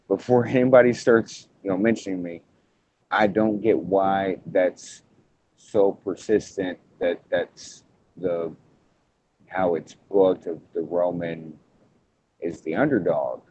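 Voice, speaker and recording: A man hosting a casual wrestling podcast, talking in halting bursts with frequent restarts. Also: low voice, fairly even intonation, a little mellow, slight background noise. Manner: halting, restarts often, hedges before points. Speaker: podcast host. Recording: muffled lo-fi podcast audio.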